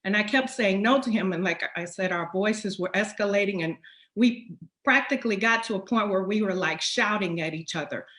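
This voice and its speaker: A woman hosting a talk, telling a personal story in an animated, emphatic way. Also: mid-range voice, normal speed. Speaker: host. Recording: roomy echo.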